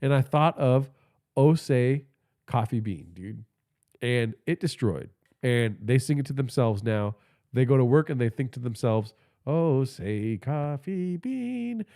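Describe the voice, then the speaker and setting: Man, podcast host, casual livestream, profane, excitable, rambling, stuffy nose, phone in hand, mid pitch. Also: unhurried. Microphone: phone held in hand.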